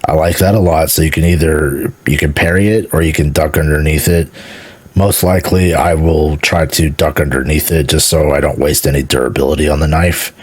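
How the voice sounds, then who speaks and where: A deep-voiced man from Houston, Texas, talks through a game trailer as a streamer, eager and rambling, tripping over repeated words and swearing casually. His voice has a husky, grainy edge and sits close and dry with no room sound. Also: steady tone, fairly quick, dry recording. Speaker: gaming streamer. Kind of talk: casual trailer reaction commentary.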